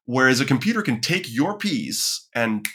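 A man's voice: medium pitch, very animated, moderate pace, fairly bright tone, slight background noise. A man as a podcast guest talking casually and animatedly, acting out quoted voices as he explains. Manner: frequent restarts and fillers while thinking aloud. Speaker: podcast guest, content strategist. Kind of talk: casual conversational interview.

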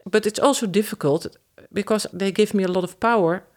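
Woman guest on a podcast, kinda hesitant, keeps restarting, thinking out loud. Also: mid-range voice, fairly quick. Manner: hesitant, searching for words, many restarts. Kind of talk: casual podcast conversation.

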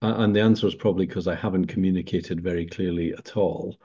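A man's voice: deep voice, fairly even intonation, fast talker, mellow, slightly rough. An older man, a business leader, answering interview questions thoughtfully, with hesitant restarts. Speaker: podcast guest, senior business leader. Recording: dull lo-fi sound.

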